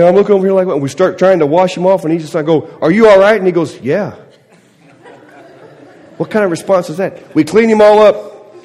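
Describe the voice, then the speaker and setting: A middle-aged man, a pastor, telling a story in a sermon with animated delivery, acting out voices, then easing into a soft, quiet prayer. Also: high voice. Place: church sanctuary. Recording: long church reverb.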